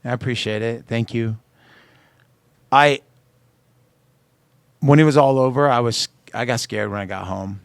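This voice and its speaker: This singer-songwriter guest has a medium-pitched voice that is smooth yet creaky, moving at a measured pace and pausing often. In a radio studio interview with no room sound, he tells personal stories with animation, acting out the dialogue of those in them.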